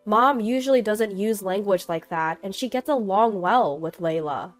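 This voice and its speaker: A woman reading a first-person family drama as scripted narration, in an even, steady manner. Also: mid-range voice.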